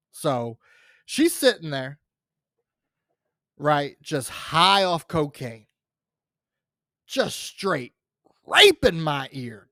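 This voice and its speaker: A man spins a comic story on his podcast, drawling slowly while his pitch swings up and down a lot. He rambles and curses freely, full of fillers and restarts. The sound is close and dry. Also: pushed and bright, no echo. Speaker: podcast host.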